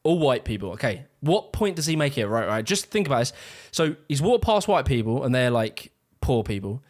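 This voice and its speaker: A man's voice: mid-range voice, sing-song, moderate pace. Exasperated guy ranting over a video, sarcastic, swearing, plain mid voice. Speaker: YouTube reaction commentator. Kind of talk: ranting reaction commentary.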